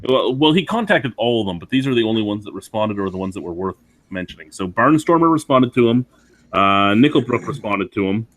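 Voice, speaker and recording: Low-voiced man hosting a beer show. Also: expressive, fairly quick, fairly bright tone. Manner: rambling, many fillers. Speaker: podcast host. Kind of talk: casual beer podcast chat.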